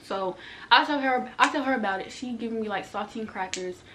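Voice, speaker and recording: A young woman telling her own story to viewers in a casual storytime vlog. She talks fast and chatty, full of slang, and addresses the audience directly. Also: a little high, pushed and bright, a little hiss or hum.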